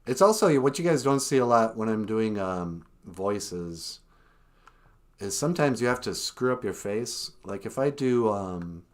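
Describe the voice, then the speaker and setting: A man hosts a relaxed live stream and chats about how he builds his voices. His pitch moves a lot, and he talks at an unhurried pace. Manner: chatty, explains his impressions. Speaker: host. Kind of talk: casual live stream chat.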